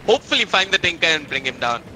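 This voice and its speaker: A man casting a live esports match, excitable play-by-play that climbs during big fights. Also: a little high, quick pace, slight background noise, low-quality recording. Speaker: esports caster. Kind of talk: live game commentary.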